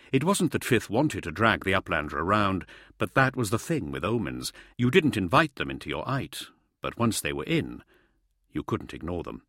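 A man narrates a story in a fairly low voice, his pitch rising and falling with lively expression. His telling is measured and dramatic, as in a polished audiobook. The recording is dry and close, with no room sound. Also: no echo. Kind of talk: scripted narration.

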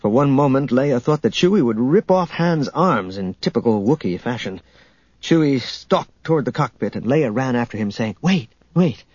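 Husky male audiobook narrator. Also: mid-range voice, normal speed, no room sound, muffled recording. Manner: steady storytelling.

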